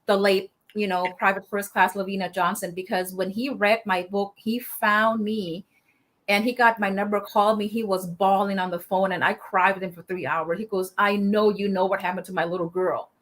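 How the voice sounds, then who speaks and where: A woman guest, a military veteran and author, telling a story in an interview with passion, halting often and restarting her sentences. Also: mid-range voice, little pitch movement, a bit bright. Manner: impassioned, halting, many fillers and restarts.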